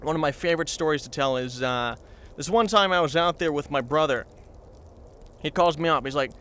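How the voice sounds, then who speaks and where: High-voiced rambling male storyteller. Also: normal speed, long pauses, a bit bright, a little hiss or hum. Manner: chatty, meandering, addresses viewers. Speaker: in-character reporter storyteller. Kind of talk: comedic rambling anecdote.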